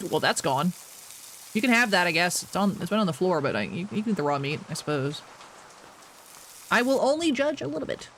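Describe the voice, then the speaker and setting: A young man livestreaming a game and chatting easily with viewers. His voice sits high and bounces around a lot, chatty and self-mocking, with faint background sound behind him. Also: big pitch swings, fairly quick, long pauses, fairly bright tone, a little hiss or hum. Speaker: streamer. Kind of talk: casual gameplay chat.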